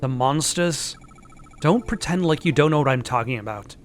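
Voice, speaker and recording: A man's voice: fairly high pitch, lively intonation, normal speed, faint music behind, lightly acted. A man voicing a grumpy, unhelpful male caretaker in a video game, with an exaggerated bad Australian accent and a curt, dismissive way of talking.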